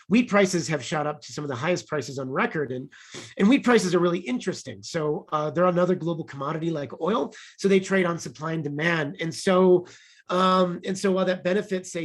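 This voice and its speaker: A man on a webinar panel, explaining economics in an eager, rambling way over a video call. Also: fairly high pitch. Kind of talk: webinar discussion.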